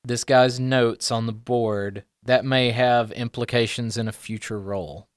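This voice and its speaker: A man's voice: mid-range voice, fairly even intonation, measured pace, dry recording, studio quality. Casual man narrating as game master. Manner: casual, descriptive, filler-heavy.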